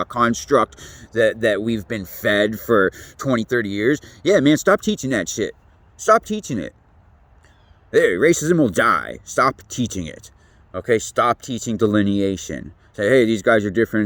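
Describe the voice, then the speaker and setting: A man's voice: mid-range voice, no echo. A man talking in a rambling, profane monologue as a podcast host, laughing often and swinging between loose musings and heated rants. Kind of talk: casual monologue.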